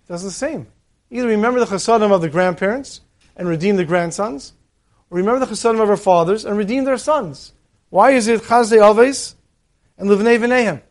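Guy a high voice giving a torah talk, tells stories and acts out the voices. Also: brisk.

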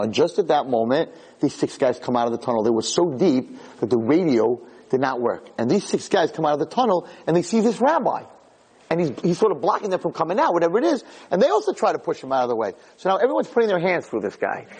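Husky-voiced rabbi telling animated stories. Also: male voice, brisk. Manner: animated, climbing to excited high pitch in stories; frequent restarts and asides to the audience. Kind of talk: storytelling sermon.

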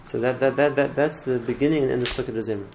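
A man's voice: medium pitch, steady tone, quick pace, darkish tone, a little hiss or hum, rough recording. A man teaching a religious class in an earnest way, often repeating words and restarting his phrases. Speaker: Torah teacher.

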